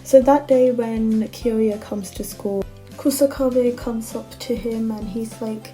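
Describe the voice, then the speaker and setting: Chatty young woman with a dark voice. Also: on the high side, steady tone, slow pace, faint music behind. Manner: chatty, frequent "like" fillers, exasperated asides. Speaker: manga commentator. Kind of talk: casual recap rant.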